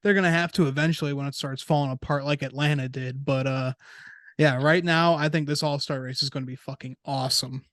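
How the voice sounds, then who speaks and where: A man's voice: mid-range voice, fairly quick, dry recording, studio quality. A man co-hosting a racing podcast, talking casually, swearing and laughing as he goes. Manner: relaxed, swearing, laughing often. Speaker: podcast co-host.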